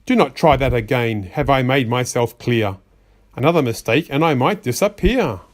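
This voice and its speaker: A man's voice: mid-range voice, lively intonation, moderate pace, voice pushed down, close to an everyday voice. A man voicing a fussy magician's white rabbit that scolds a child in rhyme, exasperated and sing-song. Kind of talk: rhyming storybook reading.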